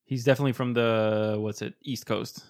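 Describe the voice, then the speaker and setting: A man co-hosting a podcast, chatting casually with quick asides and frequent laughs. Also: mid-range voice, fairly even intonation, darkish tone. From not American. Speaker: podcast co-host.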